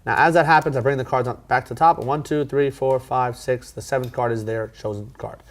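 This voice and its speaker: A man teaching a card magic routine in a casual tutorial, talking in a relaxed way with plenty of fillers and restarts. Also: mid-range voice, a little fast.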